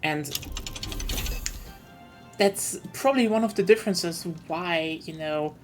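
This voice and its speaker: Woman streamer, lower register, chatty and explanatory, light music bed. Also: slow. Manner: explanatory, thinks aloud in long winding turns. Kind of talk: casual chat while streaming a strategy game.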